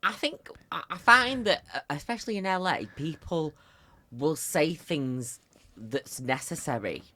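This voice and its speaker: A chatty woman with a British accent, a drag performer talking as a podcast guest in a lively, storytelling manner. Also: low voice, a little slow. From Britain. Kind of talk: casual chat.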